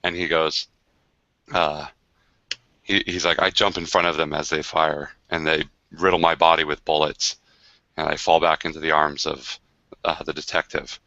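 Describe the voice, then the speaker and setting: A game designer on a livestream, a man with a deep voice and a bright, forceful edge, tells a long story about a game session. He rambles at a moderate pace, animated and chatty, full of fillers and restarts. The audio is dry and a little dull, like a video call, with no room sound.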